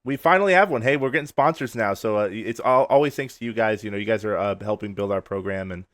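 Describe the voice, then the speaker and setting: A man co-hosting a podcast, relaxed and jokey, with lots of "uh" fillers. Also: on the low side, quick pace, no room sound, studio quality. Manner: laid-back, filler-heavy, jokey. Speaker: podcast co-host. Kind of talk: casual podcast chat and sponsor read.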